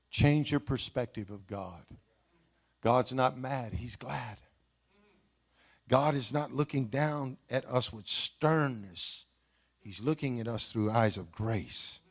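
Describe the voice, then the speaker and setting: A male pastor preaching an animated sermon in a church, calling out to the congregation. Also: medium pitch. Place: church auditorium.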